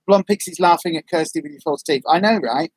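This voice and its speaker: A husky, slightly mellow low voice belongs to a female vlogger reading viewer comments on her livestream. She talks briskly and casually, rambling in a friendly way with frequent ums, and there's no echo.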